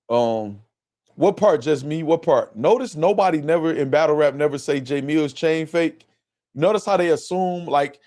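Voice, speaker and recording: A man hosting a live stream, giving casual, profane commentary and repeating himself as he reacts to clips. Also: fairly high pitch. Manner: animated, repetitive, profane, talks over clips. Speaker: livestream host.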